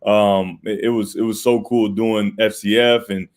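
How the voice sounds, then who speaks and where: A man in his thirties, a sports commentator guesting on a chat show, relaxed and self-deprecating. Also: on the low side, moderate pace. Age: 30s. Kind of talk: casual chat.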